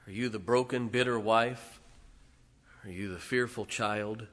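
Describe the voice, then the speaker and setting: Man preaching a sermon, dramatic storytelling, slow deliberate delivery, bright tone. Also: on the low side, fairly even intonation. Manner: dramatic storytelling with sudden loud swells and hushed drops.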